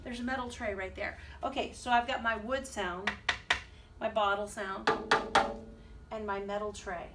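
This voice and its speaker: A woman's voice: mid-range voice, steady tone, measured pace, pauses often. A woman music teacher leading a children's rhythm lesson, chanting rhythm syllables and encouraging her class. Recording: distant mic with faint background noise.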